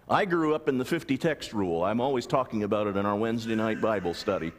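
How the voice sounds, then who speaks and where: A man's voice: on the low side, fast talker, few pauses, in a large hall. A man preaching a sermon as pastor, often asking the congregation rhetorical questions. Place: large church sanctuary.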